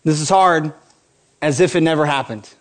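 A man in his forties preaching a sermon in a voice pitched high for a man. He delivers it with passion and climbs to emphatic, ringing peaks. He slips easily into joking asides with the congregation. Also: normal speed. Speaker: pastor.

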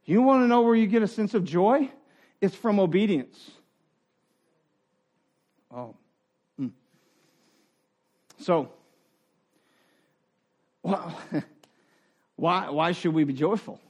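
A middle-aged man preaching a sermon in an earnest, conversational way, dropping to quiet asides and rising for emphasis. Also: sits high, slow, long pauses. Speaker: pastor.

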